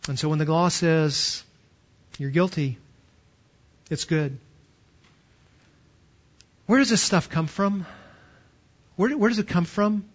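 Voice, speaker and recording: A middle-aged man delivering a sermon from the pulpit, his voice sitting high. He speaks emphatically, often repeating words as he leans into a point. The recording is muffled and lo-fi, as if captured in a church. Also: takes it slowly, pauses often. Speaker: pastor.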